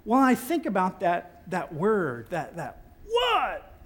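A man preaching a sermon in a relaxed, conversational and playful way, breaking into exaggerated incredulous outbursts. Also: high-pitched, takes it slowly, breathy edge. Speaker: pastor.

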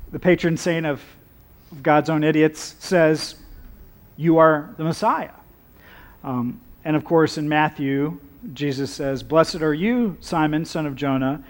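A high-voiced man delivers a sermon. His tone is conversational, and he drops in humorous asides. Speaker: preacher.

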